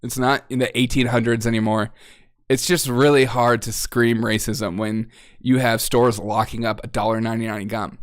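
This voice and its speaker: A man's voice: medium pitch, level tone, moderate pace. A sarcastic man hosting a comedy news show, riffing in a mocking tone and laughing at his own jokes. The sound is dry and close, with no room echo around his voice.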